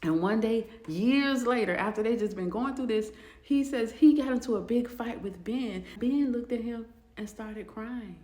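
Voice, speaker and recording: A woman casually telling a storytime, with animated, expressive asides. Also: on the high side, moderate pace. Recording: roomy echo.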